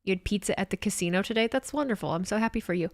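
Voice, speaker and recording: A young woman hosting a casual livestream, excitable and swearing freely as she reacts to chat comments. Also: medium pitch, rapid-fire, vocal fry, no room sound, clean studio sound. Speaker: livestream host.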